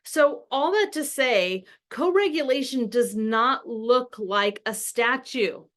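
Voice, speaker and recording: Woman, middle-aged, higher pitch, earnest explainer, expressive. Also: takes it slowly. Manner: earnest, acts out parent lines with big emotion. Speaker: parenting expert. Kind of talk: explaining to camera.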